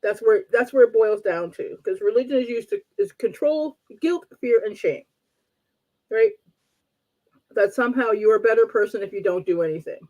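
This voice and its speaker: A woman's voice: fairly high pitch, expressive, moderate pace, a little mellow, low-quality recording. Blunt, teasing woman talk show host. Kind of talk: casual live-stream chat.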